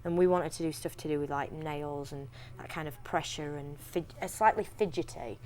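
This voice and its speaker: A young woman with a Yorkshire accent, chatting in an interview as an actress, talking freely with restarts and quick laughs. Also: low-pitched, a little mellow. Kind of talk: casual interview chat.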